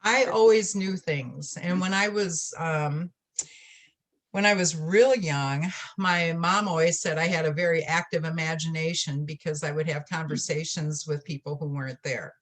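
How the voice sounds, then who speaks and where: A middle-aged woman telling stories about her life in a relaxed interview, laughing often and acting out the voices of people she quotes. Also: deep voice, normal speed. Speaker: guest, spiritualist church trustee. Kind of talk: casual storytelling interview.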